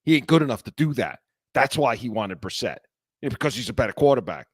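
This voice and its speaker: A man's voice: medium pitch, animated, quick pace, slightly rough, no room sound, clean studio sound. A man co-hosting a casual sports talk show, blunt and stammering, repeating words when heated. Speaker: co-host.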